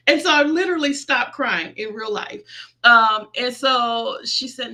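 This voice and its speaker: Woman pastor, Midwestern American, middle-aged; bright, slightly high voice, intimate preaching from her desk. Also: brisk. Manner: intimate, testimony-style, prays aloud. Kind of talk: online sermon, girl talk.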